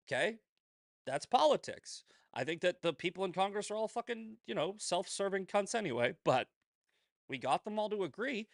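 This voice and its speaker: Male commentary host, foul-mouthed and combative, voice sits a bit high, dry close sound. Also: lively intonation, normal speed, gravelly, no room sound. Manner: profane, heated, combative; repeats "right?" and "okay?" often. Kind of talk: ranting solo commentary.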